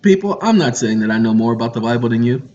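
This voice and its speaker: A man's voice: mid-range voice, animated, fast talker, darkish tone. A man giving a lecture monologue in a preachy, confrontational manner with teasing asides. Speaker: online lecturer. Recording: muffled audio with faint music.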